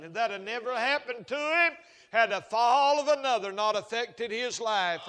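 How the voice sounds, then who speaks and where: A man preaching a sermon, telling Bible stories in a folksy way that builds to shouted fervor. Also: high-pitched, moderate pace, big-room sound.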